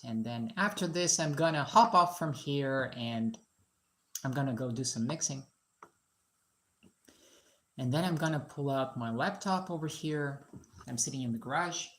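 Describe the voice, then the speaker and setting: A woman's voice: deep voice, slight background noise. Chatty woman streaming from a garage. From Russia (Moscow). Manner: chatty and joking, asks viewers questions. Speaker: live-stream host, musician and painter. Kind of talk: casual live-stream chat.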